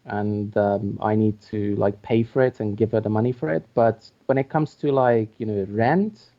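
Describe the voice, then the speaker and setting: Man, mid pitch, hesitant casual talker, muffled lo-fi call audio. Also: fairly even intonation, moderate pace. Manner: hesitant, lots of fillers and restarts. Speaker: co-host. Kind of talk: casual chat. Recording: dull lo-fi audio.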